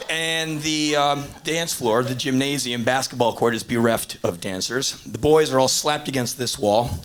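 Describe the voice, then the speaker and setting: Captured on a hissy, poor-quality VHS concert tape, this thirty-something comedian spins a lengthy comic tale for a live crowd. His delivery is animated, swinging between loud, exclaimed punchlines and quiet, muttered asides.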